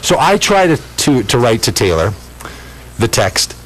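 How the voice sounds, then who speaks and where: A man's voice: medium pitch, measured pace, rough recording. A middle-aged man from Minnesota hosting a radio talk show, telling stories with lots of stammered restarts. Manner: animated storytelling, frequent stammered restarts. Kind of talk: casual radio chat.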